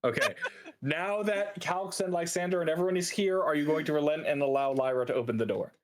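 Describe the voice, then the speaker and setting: Man, game master, tabletop game narration, slightly high voice, laughs often. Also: fairly quick. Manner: laughs often, talks through rules on the fly.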